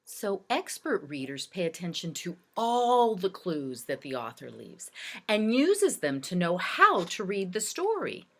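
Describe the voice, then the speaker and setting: Slow, expressive woman teacher. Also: on the low side. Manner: expressive, deliberate, demonstrates reading aloud. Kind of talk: recorded reading lesson for children.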